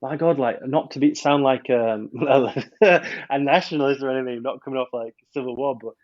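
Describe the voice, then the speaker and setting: A man's voice: mid-range voice, moderate pace, a little mellow, lo-fi sound. A man reviewing a film on a podcast in casual chat, rambling with many restarts.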